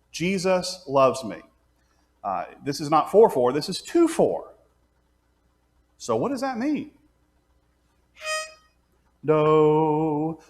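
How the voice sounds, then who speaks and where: A man teaching a class on leading congregational singing, explaining step by step and singing out pitches and counting beats aloud. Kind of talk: hands-on music class teaching.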